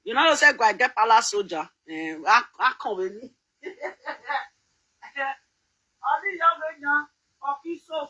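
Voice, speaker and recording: A woman's voice: high-pitched, lively intonation, measured pace, long pauses, sharp tone, husky, rough recording. A middle-aged Nigerian woman chatting casually to her viewers, laughing often and breaking into bits of song. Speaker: vlogger. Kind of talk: casual chat.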